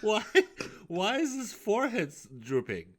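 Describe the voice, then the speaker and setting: A man's voice: high voice, wildly swooping pitch, unhurried, a crowd in the background. A man co-hosting a podcast, trading casual comedic banter with dry, skeptical questions. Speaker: podcast co-host.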